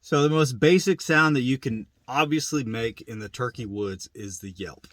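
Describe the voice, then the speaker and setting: A man's voice: mid-range voice, normal speed. A man giving a plain-spoken, casual lesson on turkey calling, repeating his points as he goes. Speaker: turkey hunting instructor. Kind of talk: casual instructional demo.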